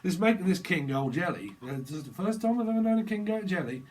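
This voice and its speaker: Male tarot reader, fairly high voice, rambling and jokey, easy vlog delivery. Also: animated, a little fast, darkish tone. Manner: jokey and rambling, slips into silly voices and snatches of song.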